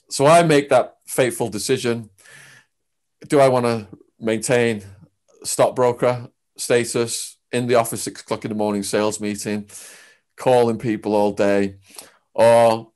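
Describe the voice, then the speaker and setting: A man with an English accent, a guest in a sit-down interview, telling his story in an animated way with big swings in pitch and loudness. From England.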